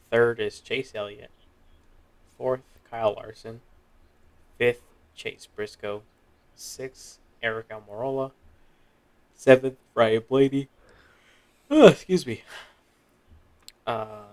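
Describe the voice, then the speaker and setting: A young man with a middle-range voice co-hosts a relaxed racing chat. He is tired after a long drive and runs through the standings one by one in an easygoing way. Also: mid-range voice. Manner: easygoing, reads standings in a list. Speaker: podcast co-host. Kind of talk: casual chat.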